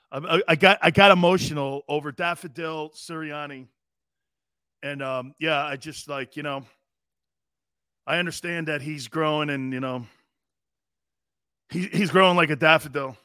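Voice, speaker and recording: A man's voice: on the high side, gravelly, pushed and bright, dry recording, clean studio sound. A man hosting a sports talk show, ranting in a brash, mocking way with profanity.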